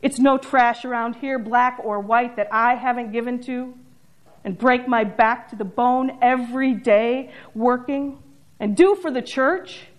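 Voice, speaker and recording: A woman's voice: on the high side, expressive, unhurried. Woman doing a furious, self-righteous farm wife. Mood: indignant. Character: proud indignant older Southern farm woman.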